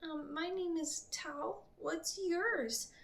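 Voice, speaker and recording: A woman doing a pleading little boy, high voice. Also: very slow, vocal fry, far from the mic, full character voice. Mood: eager. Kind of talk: storybook reading.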